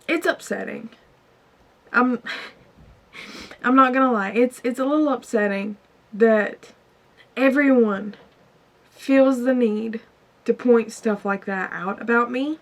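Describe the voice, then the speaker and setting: In a personal vlog filmed in an indoor store aisle, a woman in her twenties talks casually to the camera, confiding and emotional. Her voice is fairly high, and she speaks unhurriedly with frequent pauses, over faint background music.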